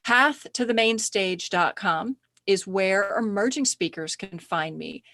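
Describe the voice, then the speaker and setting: A middle-aged woman chatting as a podcast guest, animated and quick to laugh while telling stories. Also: medium pitch, a little hiss or hum. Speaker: podcast guest, speaker agent. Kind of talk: casual interview chat.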